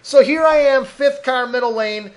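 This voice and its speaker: A man rants angrily on a desk mic, his voice pitched high. He swears constantly and slips into mocking impressions of other people. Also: moderate pace. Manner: angry, profane, loud ranting with mocking voices. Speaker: podcast host. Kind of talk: solo rant podcast. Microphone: desk mic at a computer.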